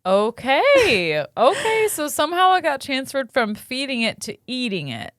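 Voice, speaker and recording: Lively, playful woman co-host. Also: high voice, no echo, studio quality. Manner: playful, quick to joke and laugh. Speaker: podcast co-host. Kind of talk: casual comedic chat.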